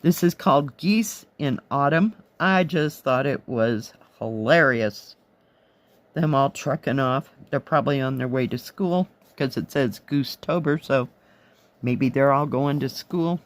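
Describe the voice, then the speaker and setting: A woman with a hoarse, fading voice, chatting casually through a craft kit review, admiring the pieces and counting aloud as she goes. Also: a bass voice, a little slow. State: hoarse, losing her voice. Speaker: cross-stitch vlogger.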